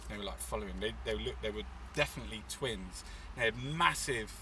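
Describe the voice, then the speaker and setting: A man's voice: mid-range voice, bright, forceful tone, recorded from a distance, a little hiss or hum. A man from England, an artist and activist, telling stories in a rambling, swearing, casual interview outdoors in a city. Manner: rambling, swearing, full of fillers.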